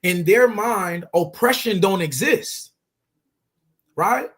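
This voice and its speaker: A religious teacher with a fairly bright voice, high for a man, teaches scripture slowly in loose street talk. Speaking conversationally to a partner, he presses each point with emphasis and repeated phrases.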